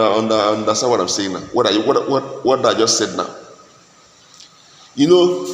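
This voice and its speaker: A man teaching an English grammar class, often asking the class "what?" and then answering himself, with many repeats and restarts. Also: medium pitch. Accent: Nigerian English. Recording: echoey classroom with faint noise.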